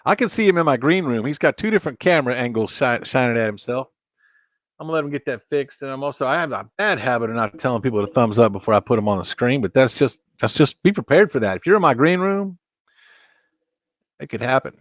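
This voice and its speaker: A man's voice: mid-range voice, lively intonation, fast, dry recording, lo-fi sound. A man hosting a casual live stream, talking and joking straight to his viewers. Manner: chatty, joking, talks to viewers directly.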